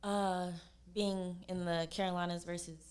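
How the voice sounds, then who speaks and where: A young woman from California, a singer being interviewed on a podcast, chatting in a relaxed way and acting out what other people say to her. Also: fairly low pitch, unhurried, smooth. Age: young adult. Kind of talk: casual interview chat.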